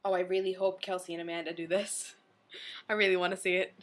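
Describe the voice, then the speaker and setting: A woman's voice: lowish voice, little pitch movement, quick pace. A young woman hosting a casual vlog, giggling as she chats to the camera. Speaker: vlog host. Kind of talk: casual chat.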